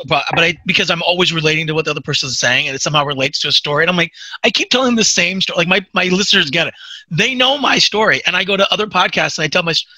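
A man hosting a podcast, chatting casually and telling stories in an animated, chatty way. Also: a little high, no echo. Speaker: podcast host. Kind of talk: casual chat.

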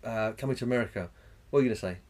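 A man's voice: mid-range voice, very fast, a little mellow, a little hiss or hum. A man co-hosting a podcast in casual chat, rambling, swearing freely and searching for names mid-sentence. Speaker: podcast co-host.

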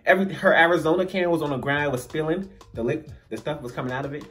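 A man telling a funny story in a storytime vlog, animated and acting out the voices of the people in it. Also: a little high, fast talker, soft background music.

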